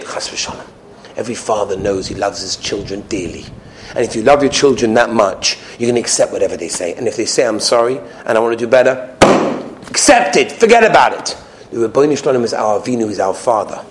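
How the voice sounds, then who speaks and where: A man teaching a Torah class, sprinkling in Hebrew and Yiddish terms and swinging between loud exclamations and hushed asides. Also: lowish voice, animated, brisk, slight background noise. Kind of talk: Torah lecture.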